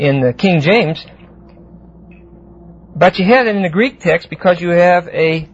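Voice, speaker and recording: Bible teacher guy explaining greek words, slow and deliberate, kinda high voice, muffled old tape. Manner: deliberate, explanatory, asks the class "see?". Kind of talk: verse-by-verse Bible class teaching. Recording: muffled lo-fi classroom tape with faint hiss.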